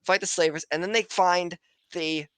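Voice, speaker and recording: A man's voice: sits high, fairly even intonation, moderate pace, bright, forceful tone, clean tone, no echo. A man hosting a podcast, casually recapping an anime episode with lots of swearing and laughter. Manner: profane, laughs often, loose rambling retelling. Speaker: podcast host.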